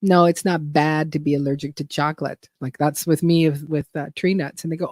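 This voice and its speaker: A woman's voice: low-pitched, fairly even intonation, fairly quick, hardly any pauses, a little mellow, no room sound, clean studio sound. A woman hosting a gardening channel livestream, chatting casually and rambling as she reads viewer comments aloud.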